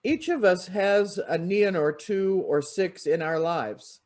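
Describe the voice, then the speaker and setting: A minister preaching a sermon in an expressive storytelling manner. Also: mid-range voice, slow pace.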